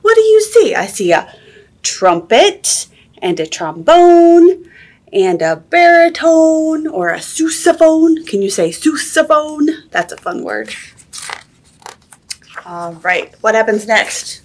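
Woman librarian, toddler story time; lively sing-song pitch, slow unhurried delivery. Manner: animated, sing-song, asks the children questions. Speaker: children's librarian.

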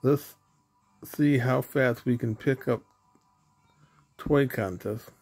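A man's voice: medium pitch, slow pace, darkish tone, faint music behind. A man voicing a good-natured, weary father bear in a storybook reading. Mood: firm.

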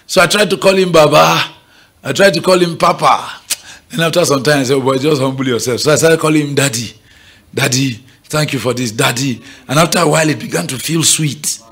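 Bright husky Nigerian preacher. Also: male voice, a little high. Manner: bright, emphatic, keeps checking the audience is following. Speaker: pastor. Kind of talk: sermon. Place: church gathering.

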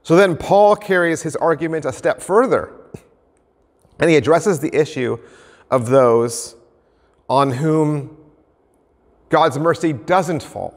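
A man's voice: fairly high pitch, slow, long pauses, in a large hall. A male pastor giving a conversational sermon and explaining his points through everyday stories.

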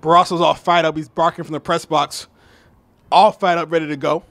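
A man doing play-by-play commentary for a local soccer game, excitable and chatty, shouting on big plays. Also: a little high, a little fast. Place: press box at an outdoor soccer game.

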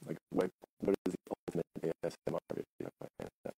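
A very deep-voiced man rambles through a casual late-night livestream on his phone. His voice is gravelly with a dark, mellow tone, and the pitch swings widely as he laughs and apologizes. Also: sing-song, quick pace, dry recording, soft background music. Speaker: livestream host.

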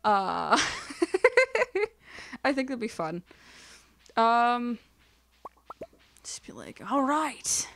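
A woman's voice: fairly high pitch, wildly swooping pitch, extremely slow, gravelly, pauses often, fairly bright tone. Chatty young woman playing a farming game. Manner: chatty and rambling, counts aloud, frequent laughs and whispered asides. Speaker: let's play host. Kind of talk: casual gameplay commentary.

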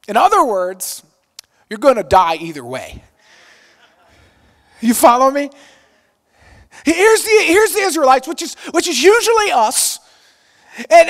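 A man preaching a sermon with energy, swinging between loud exclamations and soft, quiet passages. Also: extremely high pitch, very animated, unhurried, long pauses, big-room sound. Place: church auditorium.

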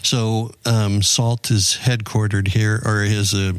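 Podcast host guy, lower voice, lots of ums, dry sound. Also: little pitch movement, takes it slowly, clear, resonant tone, no room sound. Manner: enthusiastic, hesitant with fillers. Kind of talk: interviewing a guest.

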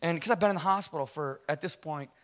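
A middle-aged man giving an animated testimony to a church audience, telling his story casually and acting out what people said. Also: fairly high pitch, quick pace. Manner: storytelling, acts out quotes, casual slang. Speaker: guest speaker giving a testimony.

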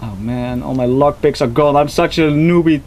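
A young man with a Dutch accent giving playful, casual let's play commentary and reading game text aloud haltingly. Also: fairly high pitch, darkish tone, slight background noise.

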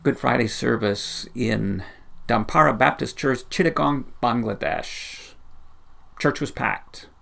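Gravelly impassioned male preacher. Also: mid-range voice, takes it slowly, a bit bright. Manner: impassioned, builds in repeated rising chains. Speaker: pastor. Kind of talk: sermon.

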